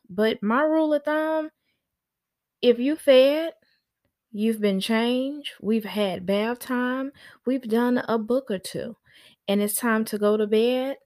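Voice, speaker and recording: Woman, middle-aged, nanny show host, casual parenting advice, sassy, animated, dry close recording. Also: on the high side, no echo. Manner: animated, sassy, acts out quoted people.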